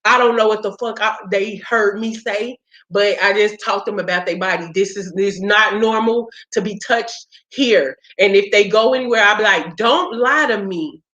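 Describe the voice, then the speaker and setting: A woman's voice: medium pitch, fairly even intonation, moderate pace, a bit bright. Blunt, fired-up woman in a roomy room. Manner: blunt, profane, fired-up storytelling. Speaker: podcast host. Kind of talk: casual chat. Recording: roomy, dull lo-fi sound.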